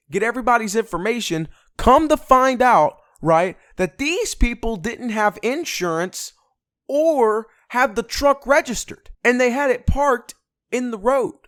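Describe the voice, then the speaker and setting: A young man tells a story into a close, dry mic, in a voice a little above the usual for men. He swears heavily and tells it with animated energy. The delivery is casual, like a vlog storytime. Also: sits high, dry recording. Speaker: vlogger.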